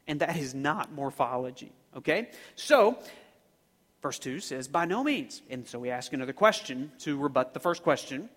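A man preaching a sermon as pastor, animated, shouting some words for emphasis and slowing down to stress others. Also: fairly high pitch, in a large hall.

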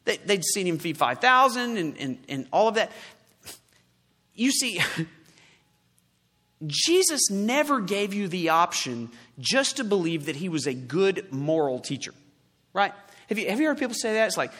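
A man preaching a sermon, forceful, with loud emphatic peaks and quiet low asides. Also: very animated, a little slow, big-room sound.

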